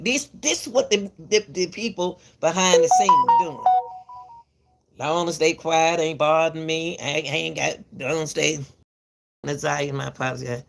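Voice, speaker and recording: A low, creaky female voice at a moderate pace belongs to a commentary channel host speaking casually to the camera. She lectures parents emphatically and repetitively, addresses viewers as "baby," and often stumbles and restarts her words.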